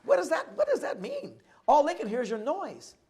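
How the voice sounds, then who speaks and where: A middle-aged man telling stories at a live oral history event, animated, acting out voices and rhythms as he goes. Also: extremely high pitch, normal speed. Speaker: guest speaker.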